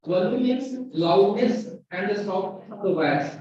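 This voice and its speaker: High-voiced Indian man lecturing in echoey hall. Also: expressive, crowd noise. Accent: Indian English. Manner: slow, spells and repeats words for emphasis. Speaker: university lecturer. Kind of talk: classroom lecture. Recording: very echoey, distant, dull lo-fi sound.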